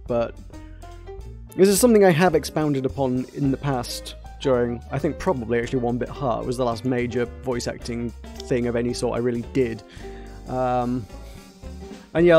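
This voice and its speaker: A man's voice: medium pitch, darkish tone. A man hosting a let's play, chatting in a rambling, self-deprecating way while reading game dialogue. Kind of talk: casual game commentary.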